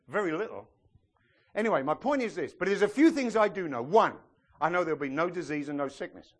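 A man's voice: a little high, a little fast, pauses often. A man preaching a sermon to a congregation, often checking in with them and joking as he goes. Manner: lively preacher, asks the congregation questions, jokes and laughs. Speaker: pastor.

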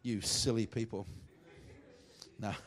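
A man's voice: fairly low pitch, fairly even intonation, fairly bright tone. Jokey preaching man, teasing his congregation. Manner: reads scripture slowly and deliberately. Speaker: pastor. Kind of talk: sermon.

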